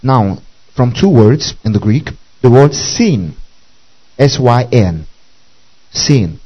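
A man's voice: medium pitch, lively intonation, slow, husky, highs cut off. A man teaching a Bible study, spelling out Greek words letter by letter and checking in often with his listeners.

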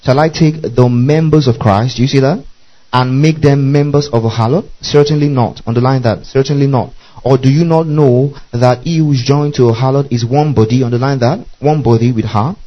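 Preacher who keeps checking "do you see that?". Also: male voice, mid-range voice, steady tone, moderate pace, muffled recording. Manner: checks understanding constantly, spells out Greek words letter by letter. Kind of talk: Bible teaching sermon.

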